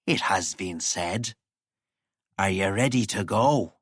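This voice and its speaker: A man voicing a calm, knowing man who speaks in a measured, wry way. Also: low-pitched, slightly rough, no room sound, clean studio sound, pitched below the performer's own voice, exaggerated voice.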